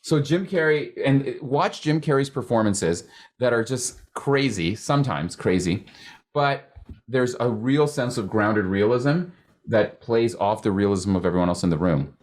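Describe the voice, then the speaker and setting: A man's voice: medium pitch, expressive, measured pace. A man hosting an acting podcast in a casual interview chat, rambling and restarting his sentences, speeding up as he tells stories. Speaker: podcast host.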